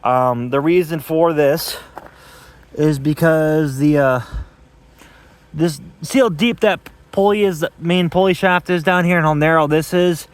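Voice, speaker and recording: A man's voice: a little high, unhurried. A young man rambling casually and crudely in a vlog, swearing often, talking outdoors in the cold. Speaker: DIY vlogger.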